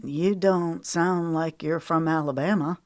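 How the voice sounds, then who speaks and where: A woman reading as a tired, curious male country music star in an audiobook, speaking in a low, quiet voice with probing questions. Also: fairly even intonation, unhurried, no echo, studio quality.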